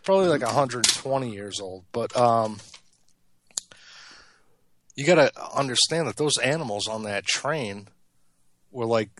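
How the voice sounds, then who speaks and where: A man's voice: mid-range voice, lively intonation, measured pace, pauses often, fairly bright tone. A man co-hosting a podcast, making blunt, dry remarks. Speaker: podcast co-host. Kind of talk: casual podcast banter.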